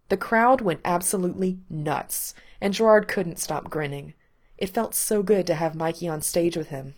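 A woman reading a story aloud in a calm, measured way, her voice sitting a little low for a woman. The delivery is steady and unhurried, like an audiobook reading. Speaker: narrator.

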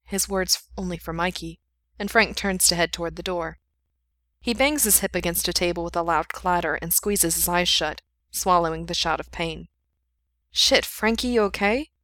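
A woman reads a fan-written story aloud at an even, unhurried pace. Her voice sits on the low side and the sound is close and dry, with no room around it. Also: no echo. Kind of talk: reading fan fiction aloud.

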